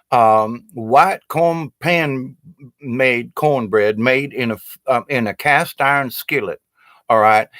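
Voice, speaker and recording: A man in his sixties with a Southern US accent, a storyteller telling a rambling, humorous monologue in a folksy, drawn-out way full of "you know". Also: mid-range voice, fairly bright tone, no room sound, clean studio sound. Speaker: storyteller and puppeteer.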